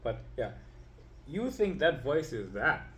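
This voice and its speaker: A man's voice: mid-range voice, big pitch swings, slow pace, a bit bright. A man teaching as an empowerment coach in an informal, rambling way. He repeats himself, keeps checking in with "right?" and "you see", and chuckles now and then while he draws with a pen.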